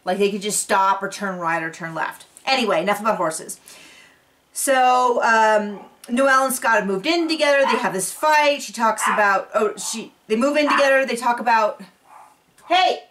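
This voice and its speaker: A woman's voice: on the high side, moderate pace, fairly bright tone, far from the mic, slight background noise. A woman talking through a reality TV episode in a casual, rambling way, full of asides, recorded at home. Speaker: reality TV recap vlogger. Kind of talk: casual chat recap. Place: home on a cattle ranch. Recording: voice set back from the mic.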